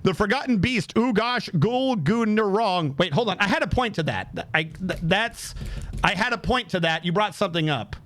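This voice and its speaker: While streaming, a young man with a strikingly high-pitched voice casually tells a story at a moderate pace. He's lively and foul-mouthed, acting out every exchange he describes.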